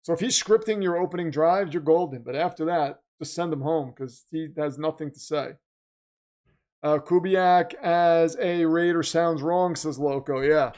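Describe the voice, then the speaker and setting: A man's voice: fairly high pitch, moderate pace, darkish tone. A man hosting a live stream, reacting to a football game and chatting with viewers, swinging into announcer-style hype. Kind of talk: casual live-stream commentary.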